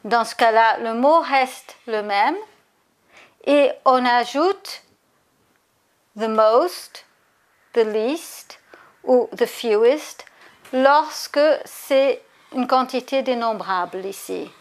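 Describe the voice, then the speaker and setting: A woman teaching an English grammar lesson, explaining each point in French and then repeating it in English, slowing down on the example words. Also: on the high side. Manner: slows down to spell out example words. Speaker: language teacher.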